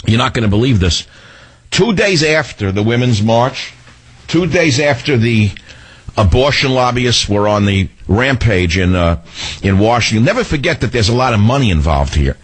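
A male talk radio host speaking into a studio microphone, indignant and combative, with mocking asides. His voice is slightly husky and leaps up and down in pitch as he talks. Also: sing-song, moderate pace.

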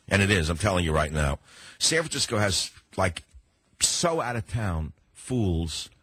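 Older male talk radio host, thick New York accent, very low husky voice, opinionated and digressive, dry studio sound. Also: fairly bright tone, dry recording. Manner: rambling, combative, digressive.

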